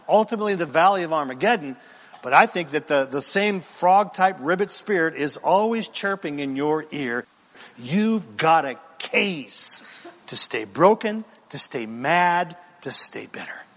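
A man's voice: a little high, expressive, unhurried, fairly bright tone, in a large hall. A man preaching a sermon as pastor, reading scripture emphatically and putting questions to the congregation.

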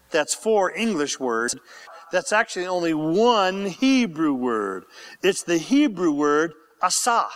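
A man preaching a sermon as pastor, then praying with passion and sinking into hushed whispers. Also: high-pitched. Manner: impassioned, dropping to hushed whispers in prayer. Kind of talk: sermon and closing prayer.

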